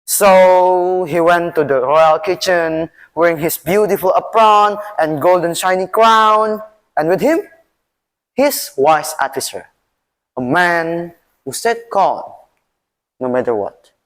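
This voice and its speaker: A man's voice: high voice, animated. A teenage boy from Indonesia telling a story dramatically in a school speaking competition. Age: teens. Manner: dramatic, swinging delivery with long pauses. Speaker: student storyteller.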